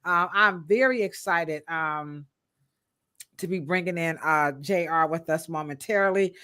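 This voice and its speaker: A woman co-hosting a live-stream podcast, chatting casually and shouting out viewers in the chat by name. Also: fairly low pitch, unhurried, smooth. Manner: casual, slangy American speech. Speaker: podcast co-host.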